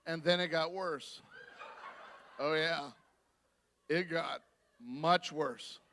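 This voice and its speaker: A man preaching a sermon as a guest speaker, telling his story in an animated way and acting out each voice. His voice is high and bright with a gravelly, creaky edge. He talks at an unhurried, deliberate pace. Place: church.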